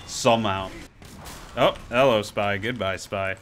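A man's voice: on the low side, unhurried, fairly bright tone, a little hiss or hum. A man giving joking, exclaiming running commentary over his own gameplay. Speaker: gaming video creator.

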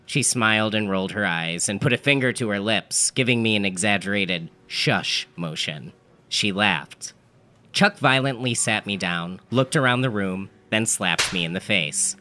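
Man narrating deadpan, bright tone. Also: on the low side, unhurried, slight background noise. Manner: dry, matter-of-fact delivery of absurd events. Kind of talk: deadpan comedic storytelling.

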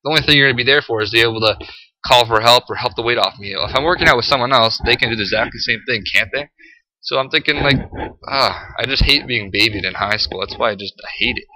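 A teenage high school boy ranting to camera, profane and exasperated, full of "like" and "freaking". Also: sharp tone, poor audio. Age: teens. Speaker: high school student vlogger.

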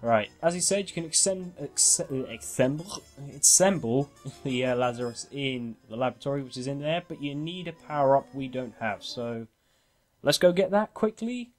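A man's voice: a little high, a little mellow. Chatty man doing game commentary. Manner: chatty and self-mocking, laughing often. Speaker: game walkthrough host. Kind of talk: casual gameplay commentary.

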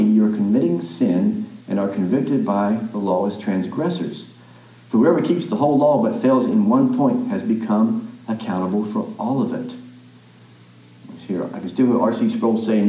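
A man delivers a sermon in a low, mellow voice. He reads scripture aloud, then explains it in plain words, restarting now and then and adding asides. The sound carries the roomy echo of a church. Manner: thoughtful, with small restarts and asides. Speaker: pastor. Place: church sanctuary.

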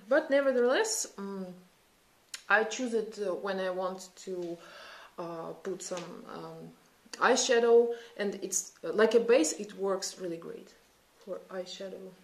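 A woman's voice: mid-range voice, slow pace. A woman in her thirties with a Russian accent, chatting and thinking aloud while doing a makeup tutorial. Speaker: beauty vlogger. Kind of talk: casual makeup tutorial chat. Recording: echoey room.

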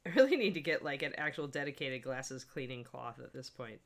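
A woman's voice: rumbling low, expressive, a little fast. A middle-aged woman hosting a casual live-stream painting tutorial, chatty and upbeat, greeting viewers by name. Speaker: miniature painting instructor, stream host.

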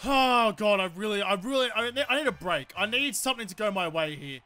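An Australian man with a very high, bright and sharp voice, talking through a football video game as he plays. He rants and swears freely at the game and his teammates, in the loose style of live gameplay commentary. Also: expressive, brisk.

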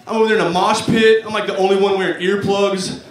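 A man's voice: high-pitched, flat delivery, quick pace. A young man from Arkansas doing a stand-up set, rambling and self-mocking with lots of fillers. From Arkansas, United States. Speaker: stand-up comedian. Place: comedy stage. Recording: echoey room from far, clear noise.

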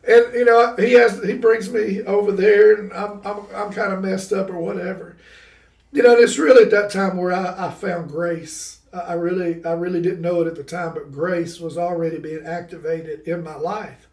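A man, a podcast guest, telling a personal story with lively, laughing energy and casual exclamations like "bro". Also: sits high, moderate pace, vocal fry. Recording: roomy sound from a distant mic.

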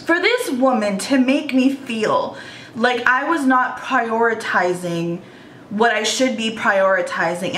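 A woman in her thirties tells her story in an earnest, emotional way, often restarting her sentences. Her voice sits high. The room gives it a noticeable echo, with faint noise underneath. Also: fairly bright tone. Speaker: vlogger. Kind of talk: storytime vlog.

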